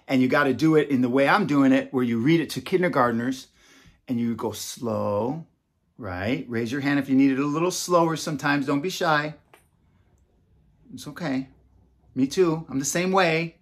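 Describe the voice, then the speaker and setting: A man with a husky voice, teaching slowly and repeating himself like a kindergarten teacher to a class. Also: medium pitch, a bit bright. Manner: slow, repetitive, coaxing, talks to children as a class. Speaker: self-styled educator and founder. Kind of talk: slow teacher talk aimed at kindergartners.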